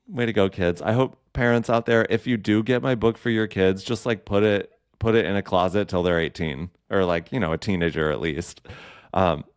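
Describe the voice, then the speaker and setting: Podcast host, male, low, smooth voice, campy, rambling solo chat, dry close sound. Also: no room sound. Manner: chatty, campy, lots of fillers and asides.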